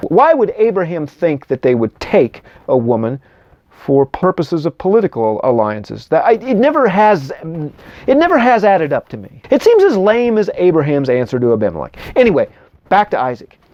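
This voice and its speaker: A man retells old stories in casual commentary, his pitch swooping widely and sitting slightly high, with wry asides and frequent restarts. The recording is dull and lo-fi, and the sound is dry. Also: wildly swooping pitch, normal speed, a little mellow, dry recording. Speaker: Bible commentator.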